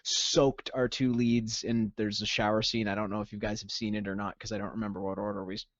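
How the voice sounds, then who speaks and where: A man's voice: on the low side, flat delivery, brisk, no room sound. Male musician guest, keen and talkative, restarts a lot; dry, dull recording. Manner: enthusiastic, rambling, many restarts. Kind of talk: casual podcast chat.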